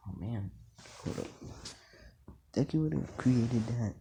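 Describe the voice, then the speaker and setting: A man casually telling an improvised fan story, rambling and halting, often slipping into a whisper, with a husky voice. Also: deep voice, animated, warm tone, slight background noise.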